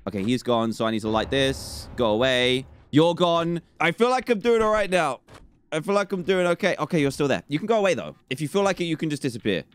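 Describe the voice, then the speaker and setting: A young man giving excitable commentary while playing a horror game, talking to the game's characters and jumping high in pitch when startled. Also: clean tone. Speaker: gaming YouTuber.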